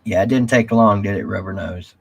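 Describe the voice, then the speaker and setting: Husky rambling live stream host. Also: male voice, on the low side, brisk. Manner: rambling, drawling, reads viewer comments aloud. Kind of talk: casual live stream chat.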